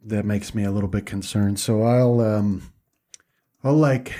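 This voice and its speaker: A man's voice: lowish voice, fairly even intonation, unhurried, warm tone. A man playing a tabletop game, thinking aloud hesitantly with many fillers. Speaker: player. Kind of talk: casual tabletop play.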